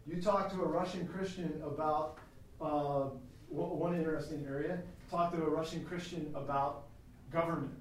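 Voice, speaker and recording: A man teaching a Christian class in a lecture style that is chatty and animated, with asides, recorded from a distance in a classroom. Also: a little high, moderate pace, a little hiss or hum. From United States. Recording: very echoey room, mic at a distance.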